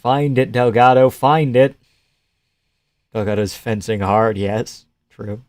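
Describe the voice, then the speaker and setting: A young man from Canada reacts to fights live on his stream, excitable and profane, trading quips with his viewers. His voice sits in an ordinary middle register. The sound is dry and close to the mic. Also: medium pitch, slow pace, no echo. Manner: excitable, swearing, laughing, chatting with viewers. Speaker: livestream host.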